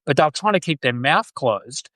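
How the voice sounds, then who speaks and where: A man's voice: a little high, animated, moderate pace, fairly bright tone, no room sound. A man from Australia with an Australian accent, hosting a podcast live stream and chatting casually in a rambling way, full of fillers and restarts. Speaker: podcast host.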